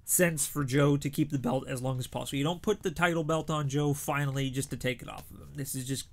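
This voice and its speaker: A man's voice: a little high, fairly even intonation, brisk. A young man giving casual, opinionated predictions as a show host, chatty with frequent restarts.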